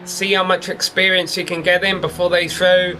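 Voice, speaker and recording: A man's voice: sits high, moderate pace, background noise. A man from England, commentating a sim race in a chatty, informative way. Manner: chatty, informative, builds up excitement at race start. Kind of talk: sim racing play-by-play commentary.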